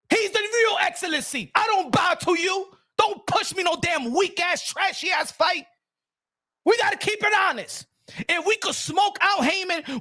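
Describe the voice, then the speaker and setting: Loud high-pitched ranting man. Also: no room sound, clean studio sound. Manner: loud, profane, switching into Spanish. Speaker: boxing commentator. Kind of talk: ranting boxing commentary.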